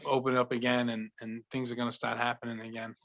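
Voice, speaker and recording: A man in his forties from Providence, a guest telling stories in an eager, animated casual chat. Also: mid-range voice, fast, lo-fi sound. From Providence, Rhode Island. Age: 40s. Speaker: guest actor and writer.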